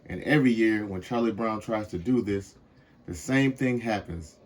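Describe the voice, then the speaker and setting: Young man reading a children's story. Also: fairly low pitch. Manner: measured, expressive read-aloud. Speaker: storybook reader. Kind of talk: reading a picture book aloud to children.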